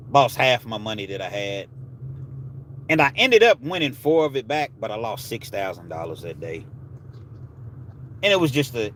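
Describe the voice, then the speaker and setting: With a mid-range, slightly bright voice, a man hosts a live stream, chatting casually with viewers and telling easygoing stories in street slang. Slight background noise can be heard.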